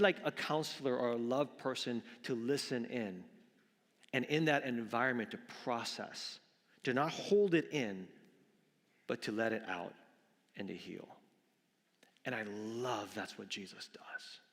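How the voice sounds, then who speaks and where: A man's voice: mid-range voice, measured pace, pauses often, fairly bright tone. A man preaching a sermon as pastor, earnest, often repeating words and calling his listeners friends. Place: church sanctuary. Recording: long reverb of a large hall.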